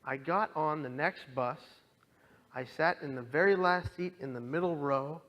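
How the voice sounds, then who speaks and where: A man's voice: on the high side, normal speed, a bit bright. Earnest man telling a personal story. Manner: earnest, emotional storytelling with acted quotes. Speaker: speaker. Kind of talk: personal testimony talk.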